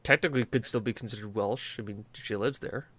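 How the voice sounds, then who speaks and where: A man hosting a podcast, chatting casually in an animated, sweary way with frequent restarts. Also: fairly low pitch, brisk. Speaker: podcast host.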